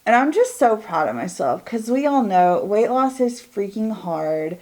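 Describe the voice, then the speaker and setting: A woman's voice: medium pitch, very animated, a little slow, a little mellow. A woman in her forties, vlogging a chatty get-ready-with-me while doing her makeup at home, talking in a candid, rambling way that drawls and trails off. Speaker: beauty vlogger.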